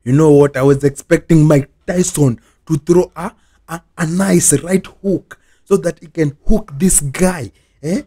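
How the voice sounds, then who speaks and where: Slow, husky, exasperated man ranting. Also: a little high, warm tone. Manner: exasperated, repeats the same phrases over and over. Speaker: vlogger. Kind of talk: repetitive ranting vlog reaction.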